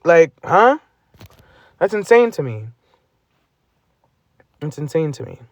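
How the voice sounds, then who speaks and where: A man's voice: on the high side, sing-song, slow pace, no room sound. A man on a phone livestream, recounting messages aloud in an exasperated casual rant.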